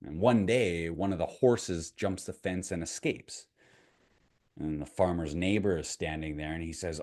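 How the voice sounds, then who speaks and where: Deep-voiced male mindset coach. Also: unhurried, darkish tone. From Canada. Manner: conversational, asks the viewer questions, retells a parable. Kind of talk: motivational storytelling to camera.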